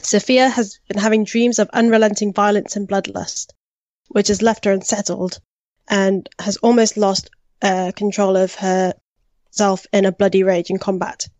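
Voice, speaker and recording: A woman introducing her tabletop character in a steady, lightly scripted way with occasional uhs. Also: medium pitch, a little slow, no room sound, dull audio. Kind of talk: read-out podcast introduction.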